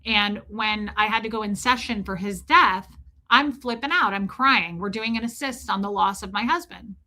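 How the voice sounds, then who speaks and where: A woman's voice: medium pitch, moderate pace. A woman in her forties hosting a livestream, telling a personal story frankly with lots of "like" and "right?". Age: 40s. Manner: frank and animated, swears, frequent "right?" and "like". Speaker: livestream host.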